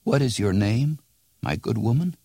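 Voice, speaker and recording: A man voicing a bewildered old man who has lost twenty years, in a halting, pleading way. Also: medium pitch, animated, mellow, breathy edge, no room sound, studio quality, pitched above the performer's own voice. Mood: faltering.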